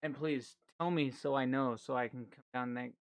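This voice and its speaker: Young man, podcast co-host, casual chat, swears freely, animated storytelling. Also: mid-range voice, moderate pace, a crowd in the background. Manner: swears a lot, tells stories animatedly.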